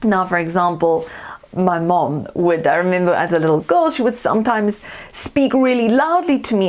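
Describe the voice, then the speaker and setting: A woman's voice: a little high, normal speed. A woman from South Africa, a confidence coach, giving a lesson straight to camera and acting out example tones. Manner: expressive, acts out example tones. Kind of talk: teaching talk to camera.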